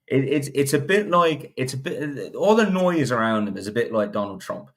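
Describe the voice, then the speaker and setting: A man's voice: medium pitch, lively intonation, moderate pace. A man giving blunt, opinionated horse racing takes on a casual podcast, often restarting sentences. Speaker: podcast panelist.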